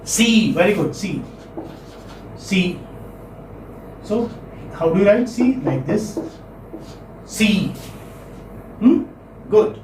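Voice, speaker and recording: A man's voice: high voice, very animated, extremely slow, long pauses, darkish tone, recorded from a distance, slight background noise. Male teacher lecturing a class with checking questions; echoey classroom, mic some way off. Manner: repeats words, asks checking questions.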